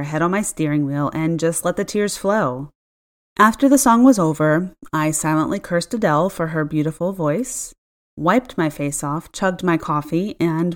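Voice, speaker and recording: A woman reading a first-person story aloud in an expressive, wry manner. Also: fairly low pitch. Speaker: narrator. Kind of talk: first-person audiobook narration.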